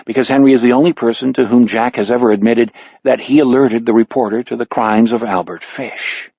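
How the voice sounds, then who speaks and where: Husky male audiobook narrator. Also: mid-range voice, steady tone, normal speed, mellow, no room sound, highs cut off. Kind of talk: scripted narration.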